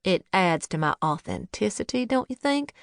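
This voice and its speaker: A woman's voice: mid-range voice, sing-song, moderate pace, creaky, dry recording, studio quality. A woman voicing an easygoing, cheerfully stubborn older father who loves a prank. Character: jovial older Southern father, playful prankster.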